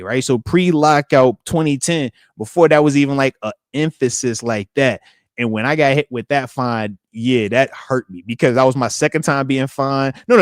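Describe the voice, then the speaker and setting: A man's voice: mid-range voice, no room sound, studio quality. A man in his late thirties hosting a live podcast, talking animatedly and answering viewers, often tagging lines with questions. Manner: animated, repeats tag questions, talks to the chat. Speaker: podcast host, retired football player.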